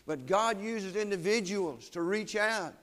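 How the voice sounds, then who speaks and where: A man preaching a sermon, solemn and emphatic, slowing down to weigh key phrases. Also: sits high, animated, a bit bright.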